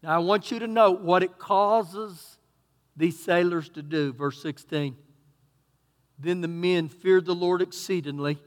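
A Texan man preaching a sermon as pastor, swinging between loud emphatic bursts and quieter asides. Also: high voice, long reverb tail. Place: church sanctuary.

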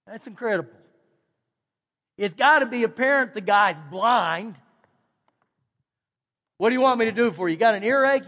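A man's voice: high-pitched, a bit bright, in a large hall. A man preaching a sermon as pastor, in a conversational way that acts out the quoted voices. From Texas, USA. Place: church sanctuary.

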